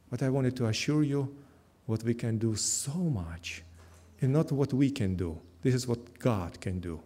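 Soft-toned preaching pastor, earnest and repetitive. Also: male voice, medium pitch, measured pace. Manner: earnest preaching, repeating phrases, non-native grammar. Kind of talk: sermon. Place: church.

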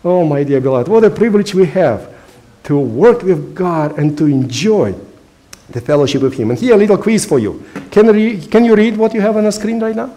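A pastor preaching in English, his second language, in an earnest and emphatic way, pausing often with small hesitations. His voice sits a bit high for a man, with a mellow, soft tone. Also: expressive. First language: not English. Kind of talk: sermon.

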